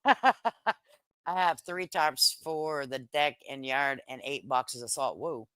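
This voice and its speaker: A woman's voice: rumbling low, slow pace, a bit bright, smooth, no room sound. A middle-aged woman hosting a casual livestream, reading viewer comments in a brash, joking way, swearing lightly and laughing often. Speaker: livestream host.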